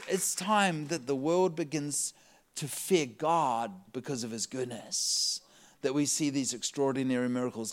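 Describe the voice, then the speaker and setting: A man preaching a sermon, telling a story to his audience in an animated way, laughing often and raising his voice as he gets excited. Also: mid-range voice.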